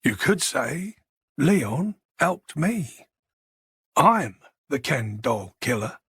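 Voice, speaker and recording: Mocking soft-spoken killer, unhurried and menacing, as a male narrator puts him on; gravelly edge, dry close mic. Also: fairly high pitch, sing-song, no room sound, full character voice. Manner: slow, mocking and taunting.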